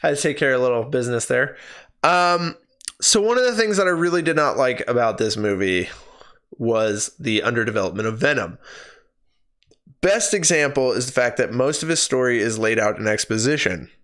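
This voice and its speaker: A man's voice: mid-range voice, animated, moderate pace, fairly bright tone. A man giving a casual spoken film review on his stream into his own microphone, ranting in exasperation and swearing freely. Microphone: personal streaming microphone.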